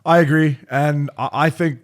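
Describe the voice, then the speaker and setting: A man co-hosting a casual sports podcast, excitable and swearing freely as he breaks down the week's hockey. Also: fairly high pitch. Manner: profane, excitable, fast-talking. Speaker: podcast co-host, former junior hockey player.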